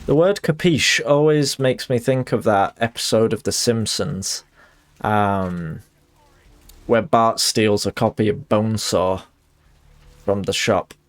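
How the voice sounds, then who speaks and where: A man's voice: lowish voice, takes it slowly. A young adult man, streaming a game and chatting in a rambling, self-deprecating way. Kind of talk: casual chat while gaming.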